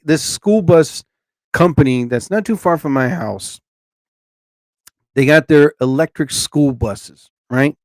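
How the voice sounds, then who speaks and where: Man, live-stream host, rambling casual chat, somewhat high voice, dry close sound. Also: no room sound. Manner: rambling, talks to chat viewers by name.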